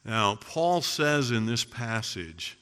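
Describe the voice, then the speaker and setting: A middle-aged male pastor preaching with a sharp, very bright voice. He presses his points with rhetorical questions and swings from ringing emphasis to near-hushed passages. His sermon rings out with the long reverb of a large sanctuary. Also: medium pitch, big pitch swings, takes it slowly, clean tone.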